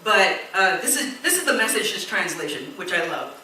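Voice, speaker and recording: A woman preaching a sermon in a church, telling a story with lively quoted voices. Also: fairly low pitch, moderate pace, slight background noise. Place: church hall. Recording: echoey church hall, distant mic.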